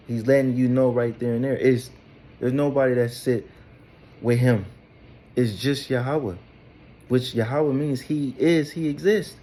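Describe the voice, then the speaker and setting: A man's voice: medium pitch, a little slow, long pauses, dark tone. A man giving a loose, informal scripture lesson who keeps asking "all right?" and rambles with fillers and repeated words. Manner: tags nearly every phrase with "all right?". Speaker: Bible teacher.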